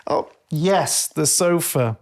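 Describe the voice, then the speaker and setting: A man hosting a casual podcast chat as a coach, playful and quick to laugh and swear. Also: on the high side.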